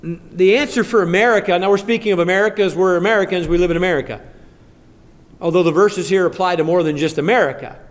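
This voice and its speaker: A man's voice: high voice, quick pace. A man preaching a sermon in a conversational manner, rising to fervent emphasis when he reads Scripture. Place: church sanctuary. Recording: long church reverb.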